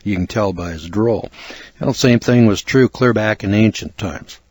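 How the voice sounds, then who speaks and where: An older American man narrating a spoken book review in a measured, earnest lecturing way with asides. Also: on the low side, darkish tone, dry recording. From United States.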